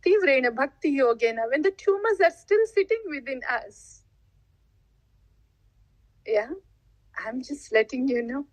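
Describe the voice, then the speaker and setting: A woman's voice: high voice, big pitch swings, no echo, poor audio. Woman, devotional talk, rhetorical questions, light laughter, dry close sound. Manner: laughs often, acts out listeners' replies; unhurried, asks rhetorical questions. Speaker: spiritual teacher.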